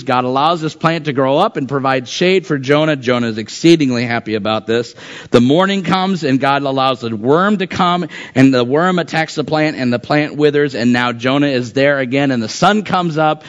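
Man preaching conversationally, lo-fi sound. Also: mid-range voice. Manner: conversational preaching, acts out voices of the text. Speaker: pastor. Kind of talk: sermon. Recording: dull lo-fi sound.

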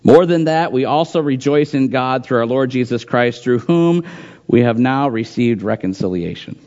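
A man's voice: medium pitch, lively intonation, moderate pace, a little mellow, highs cut off. A man preaching a sermon, reading scripture aloud and repeating phrases for emphasis in an earnest pulpit manner. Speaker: pastor.

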